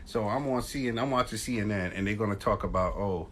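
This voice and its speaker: A man hosting a casual live stream chat, talking in loose slang and shouting out viewers as they join. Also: fairly low pitch, quick pace, slight background noise. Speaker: podcast host. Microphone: phone live stream.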